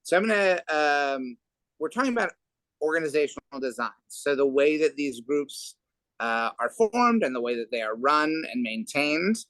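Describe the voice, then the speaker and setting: A man's voice: a little high, lively intonation, moderate pace, a bit bright, no echo, low-quality recording. A man moderating a panel over a video call, rambling with wry, self-deprecating asides.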